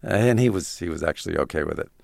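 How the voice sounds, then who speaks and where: A man, an interview guest and comedy writer, telling halting anecdotes with laughs between lines. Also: sits low, animated, gravelly, darkish tone.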